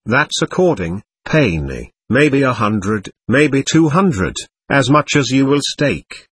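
A man's voice: medium pitch, very animated, slow pace, a bit bright, husky, no echo, exaggerated voice. A man reading a haughty male gambler who speaks formally and with stiff politeness, in a storybook reading. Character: haughty Polish gambler, male, dealing cards.

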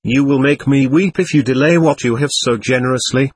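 A desperate, impulsive young man, as a narrator acts him out, pleading in a lower, husky register, his voice jumping with agitation. The sound is close and dry, with no room echo. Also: fairly quick, lightly acted.

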